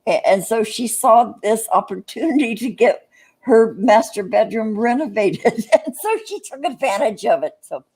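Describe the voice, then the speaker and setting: A woman's voice: a little high, animated, normal speed, darkish tone, husky. Rambling woman telling a story. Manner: rambling storyteller, many restarts. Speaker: live stream chat participant. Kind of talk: casual chat.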